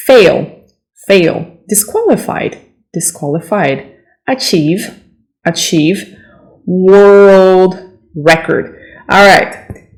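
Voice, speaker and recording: A woman's voice: fairly low pitch, extremely slow, long pauses, low-quality recording. A woman teaching English vocabulary, saying each word twice with careful pronunciation and stopping to correct common mistakes. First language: Portuguese. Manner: corrective, checks in with "okay?".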